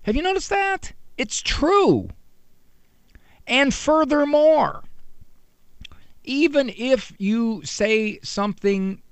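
Radio talk host, middle-aged man, bouncy high voice, dry close studio sound. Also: lively intonation, slow, pauses often, smooth, no echo. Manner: conversational, teasing, acts out quotes. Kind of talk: animated radio monologue.

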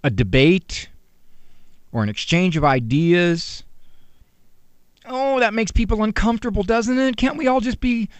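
Radio talk host, middle-aged man, bouncy high voice, dry close studio sound. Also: lively intonation, unhurried, long pauses, smooth, no echo. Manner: conversational, teasing, acts out quotes. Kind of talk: animated radio monologue.

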